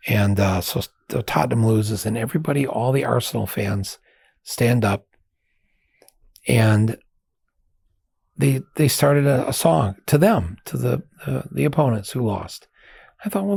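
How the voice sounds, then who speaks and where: An older man from the United States, a podcast host, telling a story in a casual, animated way and mimicking chants and other voices. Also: on the low side, vocal fry, slightly rough, no echo, studio quality.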